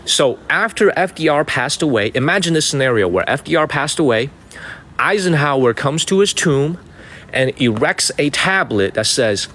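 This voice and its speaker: A man's voice: mid-range voice, fairly bright tone. A man walks viewers through a historic monument on a live stream, talking casually, repeating his questions and calling out viewers' names. His voice sits in the middle range and carries a long reverb off the stone around him. Faint ambient noise runs underneath. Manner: chatty, repeats himself, thanks viewers by name. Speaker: livestreaming travel vlogger. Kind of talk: live-stream tour chat. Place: outdoors at a historic mausoleum site.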